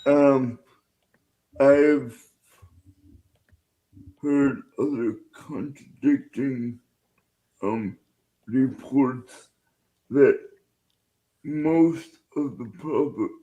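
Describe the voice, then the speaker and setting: A man in a casual chat, hesitant, pausing with many fillers. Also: medium pitch, mellow, dull audio.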